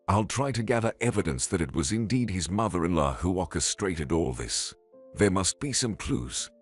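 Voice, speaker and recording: Calm reassuring lawyer friend, read by a man. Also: deep voice, slightly rough, exaggerated voice.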